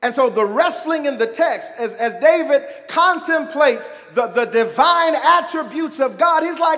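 A man's voice: extremely high pitch, expressive, measured pace, hardly any pauses, sharp tone. A man preaching a sermon as pastor, emphatic and conversational, calling on the congregation to respond. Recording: echoey church hall.

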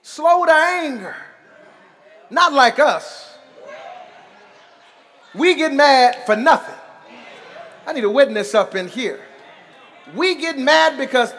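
High-voiced man preaching in an echoing hall. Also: expressive, slow pace, pauses often. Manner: preaching, with shouted emphasis and humorous asides. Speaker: pastor. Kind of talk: sermon. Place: church sanctuary. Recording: long reverb of a large hall.

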